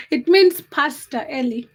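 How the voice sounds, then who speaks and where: High-voiced chatty woman livestreaming. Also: very noisy. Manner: chatty, giggly, teasing viewers by name. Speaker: livestream host. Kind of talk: casual livestream chat reading comments.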